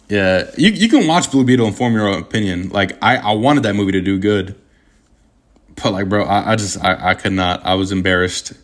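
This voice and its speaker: Slangy young man ranting on stream. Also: lowish voice. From Puerto Rican heritage. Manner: rambling and animated, stammering restarts, slangy. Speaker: streamer answering chat. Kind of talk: casual livestream chat.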